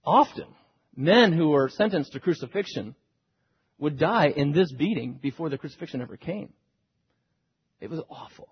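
A man preaching a sermon, retelling a scripture story dramatically and swinging between hushed and loud delivery. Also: fairly high pitch, animated, moderate pace, long pauses, a little hiss or hum. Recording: dull recording with long hall reverb.

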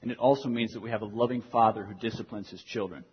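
Young guy pastor preaching, earnest, repeats stuff for emphasis, kinda husky, echoey hall. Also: on the low side, steady tone, quick pace. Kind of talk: sermon. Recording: dull lo-fi sound in a reverberant hall.

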